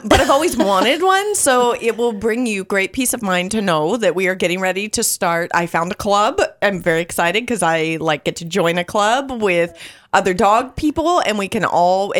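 A middle-aged woman telling a funny story in casual chat, animated and laughing often. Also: medium pitch, moderate pace.

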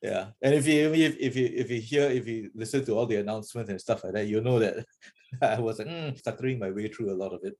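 Husky-voiced Singaporean man, casual chat. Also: lowish voice, a little mellow. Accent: Singaporean English. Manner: halting, many restarts and laughs. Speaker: podcast host.

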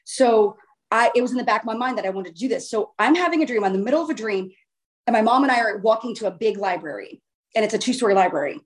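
A woman casually telling a long personal story in a chatty, animated way, with the odd swear word. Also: on the high side, quick pace.

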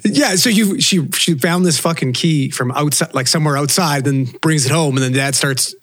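A man with a slightly high voice co-hosting a podcast, cracking deadpan jokes between the story beats. The recording is close and dry. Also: moderate pace, no echo. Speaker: podcast co-host. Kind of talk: casual banter.

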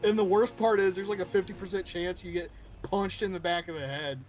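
Podcast co-host, male, higher voice, enthusiastic, swears freely, laughs a lot. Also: a little fast, soft background music. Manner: excited, profane, laughs often. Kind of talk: casual chat.

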